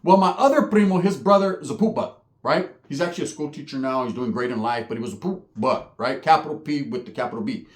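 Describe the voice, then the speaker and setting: A man's voice: mid-range voice, quick pace, roomy sound. A middle-aged man telling a story in casual street slang, with lots of cursing and a habit of asking "right?". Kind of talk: casual storytelling with acted quotes.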